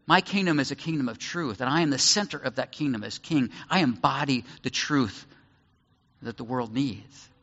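Preacher as a calm, assured Jesus; bright tone, reverberant hall. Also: male voice, mid-range voice, moderate pace. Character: Jesus, calm and certain king of truth. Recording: echoey hall, slightly dull sound.

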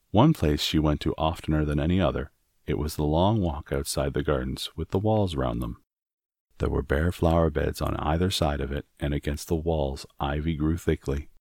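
A man narrating a storybook in a measured, expressive reading. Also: rumbling low, dry recording, studio quality. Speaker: audiobook narrator.

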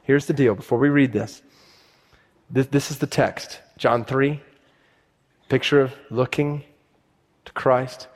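A man's voice: mid-range voice, steady tone, takes it slowly, long pauses. A male pastor preaching a sermon, talking casually and reading a conversion story aloud. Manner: conversational, reads passages with shifting intensity.

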